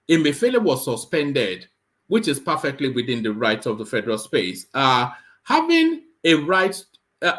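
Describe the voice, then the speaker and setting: Man, live show host, reads news and comments, animated pitch, fairly high voice, stumbling fillers. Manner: halting, many fillers and repeated words; sarcastic asides. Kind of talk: reading news aloud with commentary.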